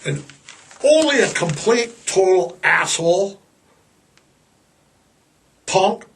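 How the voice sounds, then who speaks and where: A man's voice: high voice, lively intonation, slow pace, creaky, recorded from a distance. A man hosting a casual podcast monologue, blunt, rambling and fired-up. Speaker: podcast host.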